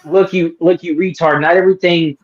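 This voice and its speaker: A man's voice: a little high, fairly even intonation, a little fast, faint music behind. Profane ranting man, dull lo-fi sound. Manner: profane, ranting, mocks people in put-on voices. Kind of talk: casual live-stream chat.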